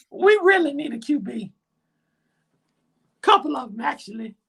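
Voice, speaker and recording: A woman's voice: high-pitched, sing-song, slow, gravelly, very noisy, heavily acted. A woman voicing a whiny little boy football fan who pleads and rambles to Santa in a comedy skit. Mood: pleading.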